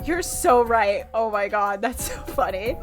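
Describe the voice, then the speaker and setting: A young woman streaming a game, excitable and swearing, laughing and talking back at the characters. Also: medium pitch, measured pace. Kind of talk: casual let's-play commentary. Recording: faint game music underneath.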